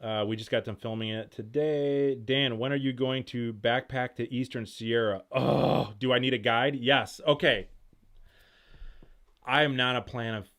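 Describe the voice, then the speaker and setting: A man hosting a casual live-stream Q&A from home, talking fast and jumping between thoughts as he reads viewer comments aloud and reacts to them. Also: mid-range voice, steady tone, a bit bright. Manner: rapid, rambling, jumps between thoughts. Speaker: host of outdoor gear channel.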